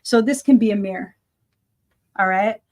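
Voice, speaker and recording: A woman's voice: medium pitch, moderate pace, a little hiss or hum. A middle-aged woman giving an informal spiritual lesson, talking earnestly and repeating phrases and affirmations for emphasis. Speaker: spiritual teacher.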